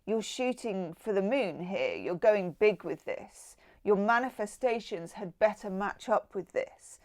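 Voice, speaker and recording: A woman's voice: mid-range voice, lively intonation, measured pace, hardly any pauses. A middle-aged woman chatting casually through a tarot card reading, with exclaimed asides. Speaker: tarot reader.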